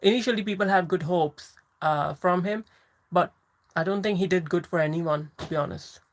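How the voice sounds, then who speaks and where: A woman's voice: on the low side, normal speed, rough recording. A woman hosting a casual livestream, chatting and laughing as she answers viewer comments. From England. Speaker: livestream host.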